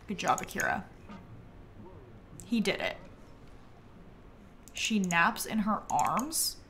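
Bright, animated woman streamer chatting. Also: medium pitch, takes it slowly, a little hiss or hum. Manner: excitable, chatty, talks to her game characters. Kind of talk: live game commentary.

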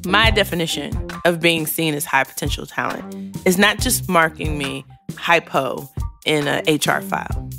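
Soft music plays behind a woman with a deep voice and vocal fry as she hosts a podcast at a moderate pace. In this candid monologue she is frank and emotional, swearing freely while holding back tears.

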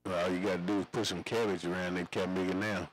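A man's voice: sits low, flat delivery, fast talker, dry recording, poor audio. A man chatting over CB radio, rambling in slangy, repetitive radio lingo. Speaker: CB radio operator.

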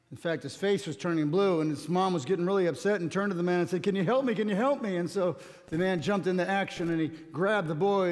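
A male pastor with a fairly high, slightly mellow voice reads scripture and preaches, telling stories plainly with light humor. Long hall reverb fills the church sanctuary.

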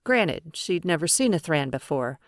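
A woman narrating a science fiction audiobook in a steady, even storytelling way. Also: deep voice, normal speed, no room sound, clean studio sound. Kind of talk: scripted narration.

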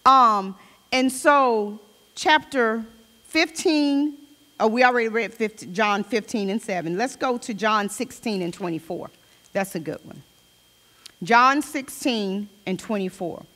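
A woman with a fairly high voice teaches a Bible study in a loose, conversational way, often restarting her sentences. She reads scripture aloud between personal asides. The sound carries a long church-hall reverb. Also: a little slow, pushed and bright.

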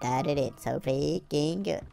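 A woman giving playful, goofy game commentary, rambling along and breaking into sudden high squeals and shouts. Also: measured pace, creaky. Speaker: gameplay video creator. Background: game music.

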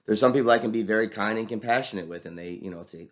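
A college teacher who also coaches wrestling gives a casual classroom lecture in a lowish voice at a quick pace. He talks conversationally, ending his points with "right?", and the lo-fi recording sounds dull.

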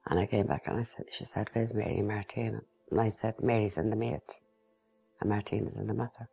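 An older woman, haltingly and quietly recounting a memory as an interviewee. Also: rumbling low, fairly even intonation, creaky, slightly rough, faint music behind.

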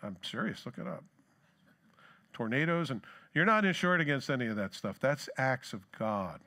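A man's voice: mid-range voice, lively intonation, normal speed, sharp tone. A man preaching a sermon as pastor, talking in a loose, joking way and reading scripture aloud with building emphasis. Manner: conversational and joking, reads scripture with rising emphasis. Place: church sanctuary.

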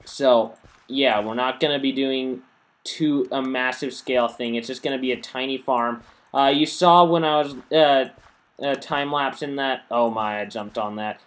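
A weary man talks through his game in a loose, rambling way. He trips over words and keeps correcting himself, sounding worn out and a bit under the weather. His voice sits at an ordinary middle pitch. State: tired and unwell. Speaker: gaming channel host. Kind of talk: casual gameplay commentary.

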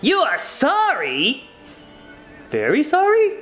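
Teacher voicing storybook pig: small, excitable, high and squealing, big swings. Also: slow, faint music behind, full character voice. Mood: upset. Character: excitable little pig with a new toy.

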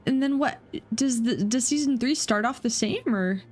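A woman giving casual, excitable reaction commentary on a video game, swearing freely and thinking out loud. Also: on the high side, normal speed. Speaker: gaming reaction streamer.

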